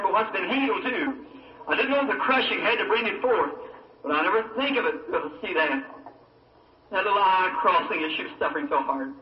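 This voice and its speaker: A man preaching an old recorded sermon, telling a personal testimony in a fervent storytelling voice that rises and breaks with emotion. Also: high-pitched. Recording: old dull distant hall recording with hiss.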